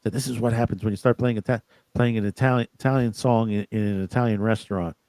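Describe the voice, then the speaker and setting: Low-voiced man chatting, dry sound. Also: fairly even intonation, darkish tone, no echo. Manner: halting, with fillers and restarts. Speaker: podcast co-host. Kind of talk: casual chat.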